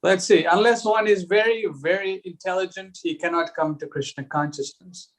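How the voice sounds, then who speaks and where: Discussion leader, male, a touch high-pitched, reads texts aloud in an unhurried, chuckling way. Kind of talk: reading aloud and group discussion.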